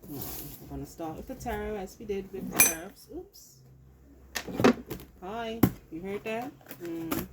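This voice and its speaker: A woman's voice: mid-range voice, animated, measured pace, very noisy. A woman with a British accent giving a casual collective tarot reading, chatty and loose, swearing and talking to herself as she handles her cards. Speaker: tarot reader.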